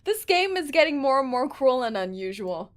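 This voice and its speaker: High, very animated woman game streamer. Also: moderate pace. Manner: dramatic, exclaiming, talks to chat. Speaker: streamer playing a story game. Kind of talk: livestream game reaction and reading.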